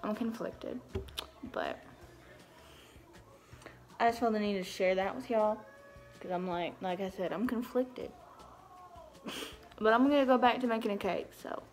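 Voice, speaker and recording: A young woman with a thick Southern country accent talks in a relaxed, drawling, chatty way. She takes her time, with unhurried pauses, as she tells a story at home. Faint music plays softly behind her. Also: mid-range voice. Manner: chatty, drawling, self-deprecating. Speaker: vlogger. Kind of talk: casual chat.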